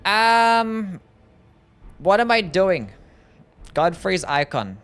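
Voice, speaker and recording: A man with a mild Australian accent streaming a game, chatting casually and reading viewer messages aloud, easygoing and quick to laugh. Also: high-pitched, very animated, fairly bright tone, clean tone. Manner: laid-back, easygoing, laughs often, loose with fillers. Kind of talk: casual livestream gameplay chat, reading chat aloud.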